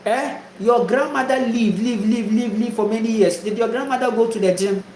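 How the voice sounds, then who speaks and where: A man's voice: very high-pitched, moderate pace, darkish tone, echoey room, slight background noise, low-quality recording. A man from Ghana preaching a spiritual monologue, emphatic and repetitive, full of rhetorical questions. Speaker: spiritual teacher.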